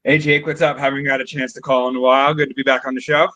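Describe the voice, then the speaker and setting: Male caller, bright, tense tone, rambling and restarting often. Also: mid-range voice, little pitch movement, quick pace. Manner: rambling, stumbling over words. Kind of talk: call-in chat.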